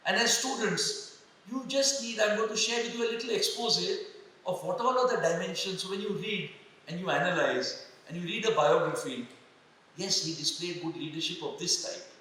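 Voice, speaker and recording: An older man with an Indian English accent delivers a motivational talk to a hall of students, asking them questions and slipping into Hindi now and then. His voice sits high and bright. It comes through the hall's speakers and carries a heavy echo from a distance. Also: normal speed. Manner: asks the audience questions, mixes in Hindi phrases. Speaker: retired army general giving a leadership talk. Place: large hall. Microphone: microphone through speakers.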